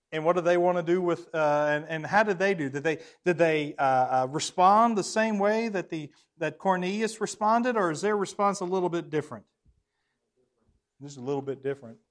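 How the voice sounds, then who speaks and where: A man with a notably high voice leads a Bible class. He reads verses aloud with stress on key words, then puts questions to the group. His level swings widely, sometimes dropping almost to a murmur. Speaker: preacher.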